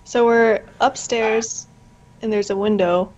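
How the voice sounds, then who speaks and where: Higher-voiced woman asking questions. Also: fairly even intonation, slow, a little mellow, muffled recording. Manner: curious, asks lots of questions. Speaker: player. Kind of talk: playing a tabletop game.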